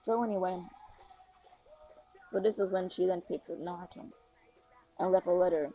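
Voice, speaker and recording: A woman's voice: on the low side, fairly even intonation, moderate pace, pauses often, soft background music. Rambling woman storyteller, lo-fi. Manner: rambling, filler-heavy, restarts often. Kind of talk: casual improvised fan story.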